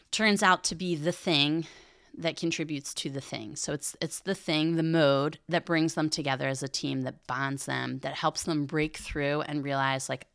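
Earnest woman host with a deep, gravelly voice, explains things conversationally. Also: fairly bright tone, dry recording, studio quality. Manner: earnest, retells a film scene to explain a point; thinks aloud with frequent restarts and asides. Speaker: Catholic podcast host. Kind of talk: conversational teaching reflection.

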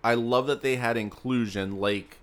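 A man's voice: medium pitch, steady tone, moderate pace, a bit bright. A young man co-hosting a casual podcast chat, laughing often and rambling through asides that trail off. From South Florida. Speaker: podcast co-host.

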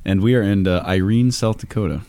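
Low-voiced man co-hosting a podcast. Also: fairly quick, warm tone, no echo. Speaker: podcast co-host priest. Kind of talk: casual podcast chat.

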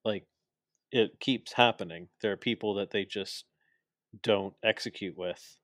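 Brief: young male co-host, lowish voice, dry close sound, opinionated rambling talker. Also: measured pace, a bit bright, dry recording. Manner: opinionated, explains at length with many fillers. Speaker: podcast co-host. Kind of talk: casual chat.

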